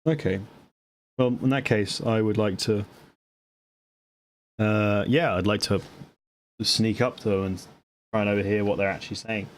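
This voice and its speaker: A man in a low register rambles through his turn at a tabletop game. He plays it up, restarts his sentences and chats casually. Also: fairly even intonation, normal speed, long pauses, a little hiss or hum. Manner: rambling, playful, lots of restarts.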